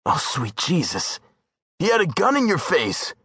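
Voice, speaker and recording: A man's voice: a little high, wildly swooping pitch, measured pace, a bit bright, breathy edge, dry recording, clean studio sound, pitched above the performer's own voice, heavily acted. A man voicing a wiry, streetwise man who talks bluntly and coolly calculates his angle. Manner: blunt, matter-of-fact.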